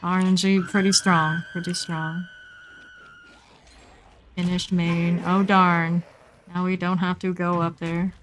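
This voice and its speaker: A woman streamer giving casual, chatty commentary while playing a game, talking to herself with playful asides and sudden excited squeals. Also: on the low side, takes it slowly, long pauses, a little hiss or hum.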